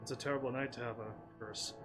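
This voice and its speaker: A man's voice: mid-range voice, fairly even intonation, a little fast. A man casually commentating while playing a game, reading the dialogue aloud, often laughing and playful. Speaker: gaming streamer. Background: game music.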